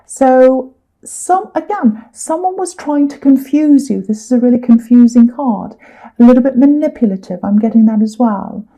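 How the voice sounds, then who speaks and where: A woman's voice: on the high side, lively intonation, moderate pace, dark tone, low-quality recording. A woman giving a chatty tarot reading, full of fillers and repeated words. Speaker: tarot reader.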